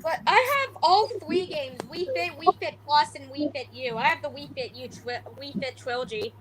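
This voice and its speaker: A woman chatting on a video call, reacting with drawn-out, exaggerated exclamations. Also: high voice, crowd noise. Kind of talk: casual video-call chat. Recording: call audio with loud background noise.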